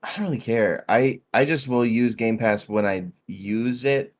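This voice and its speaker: A man's voice: mid-range voice, unhurried. A man in his thirties co-hosting a podcast, sleepy and laid-back, with dry humor in casual chat. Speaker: podcast co-host.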